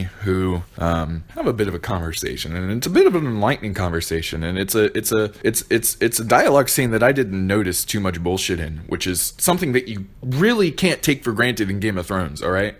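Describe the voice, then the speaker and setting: Deep-voiced profane young man ranting. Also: big pitch swings, normal speed, few pauses. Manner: profane, sarcastic, bursts of exasperation. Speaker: video reviewer. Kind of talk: ranting review.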